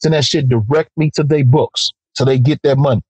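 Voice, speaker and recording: Male podcast host, rapid-fire angry profane rant, dry close sound. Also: medium pitch, steady tone, darkish tone, husky, dry recording, rough recording. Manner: heated, profane and emphatic.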